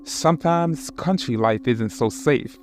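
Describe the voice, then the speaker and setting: A man narrating scary home-alone stories in a measured, suspenseful way. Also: mid-range voice, a little mellow, faint music behind. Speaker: horror story narrator. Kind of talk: scripted narration.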